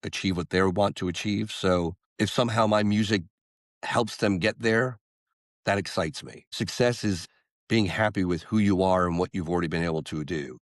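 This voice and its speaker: Lively low-voiced man telling a story. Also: moderate pace, dry recording, studio quality. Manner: animated storyteller acting out quotes. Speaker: guest, singer-songwriter. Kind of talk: storytelling interview talk.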